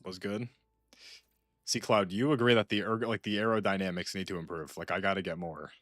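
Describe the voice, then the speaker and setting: Young male streamer, low voice, dry close mic, rambly casual chatter. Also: fairly even intonation, fast, fairly bright tone, no echo, faint music behind. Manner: rambling, full of "like" and restarts. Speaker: gaming streamer. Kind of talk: casual gaming chat.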